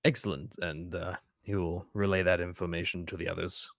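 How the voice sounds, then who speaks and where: Deep-voiced man playing his character. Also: little pitch movement, a little fast, fairly bright tone, dry recording, studio quality. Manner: casual, questioning, wry. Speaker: player. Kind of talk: in-character tabletop play.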